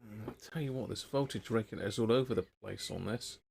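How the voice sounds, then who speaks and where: Slight background noise accompanies a man with a low, gravelly, slightly mellow voice who talks fast. Hosting a radio repair livestream, he thinks aloud casually, wanders in his talk, and chats with viewers.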